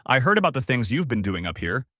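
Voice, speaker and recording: A man's voice: medium pitch, big pitch swings, fast talker, bright, forceful tone, no echo, clean studio sound. Master Roshi, a sly old master, as a man puts him on. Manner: drawling with hesitant fillers. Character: old male martial arts master, lecherous and playful.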